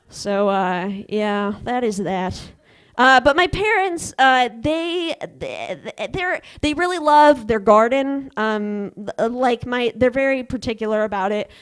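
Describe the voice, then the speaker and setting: Young woman, stand-up comic, fairly high voice, halting delivery, deadpan punchlines. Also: clear, resonant tone. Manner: halting, filler-heavy storytelling with deadpan punchlines. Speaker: stand-up comedian. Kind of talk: stand-up comedy set.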